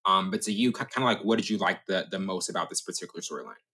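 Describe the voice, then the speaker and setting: A man with a very low voice and a bright, forceful edge hosts a relaxed film talk. He stumbles and restarts often before getting his point out. He poses questions to his co-host. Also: rapid-fire. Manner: stammers and restarts, reads out quotes, asks guest questions. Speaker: podcast host. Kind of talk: casual film discussion.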